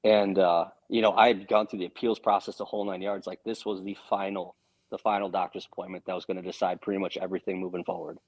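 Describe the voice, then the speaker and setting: A man talking as a podcast guest, telling a story in a casual, earnest and animated way, swearing now and then. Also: sits low, fast talker, highs cut off.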